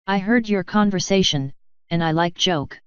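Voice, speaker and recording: A bubbly, playful unicorn mare with a German accent, as a woman reader puts her on speaks in halting, broken English. The voice is very smooth and dry, though the recording sounds dull and lo-fi. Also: on the low side, no room sound, lightly acted.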